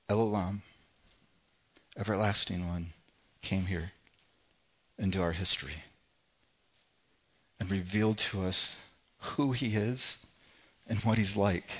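A man preaching a sermon as pastor, swinging from loud, forceful scripture reading to soft, hushed lines. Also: on the low side, muffled recording. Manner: impassioned, rising loud when reading scripture, then dropping soft.

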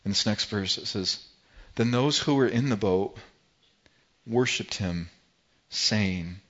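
A man preaching a sermon in an earnest voice, repeating words and phrases as he builds and softens his delivery. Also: lowish voice, slow, highs cut off. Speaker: pastor.

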